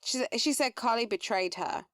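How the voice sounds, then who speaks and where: Chatty, higher-voiced podcast woman. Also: normal speed, a bit bright, no echo, clean studio sound. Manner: chatty, laughs often, jokey. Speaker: podcast co-host. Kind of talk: casual recap chat. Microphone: podcast microphone.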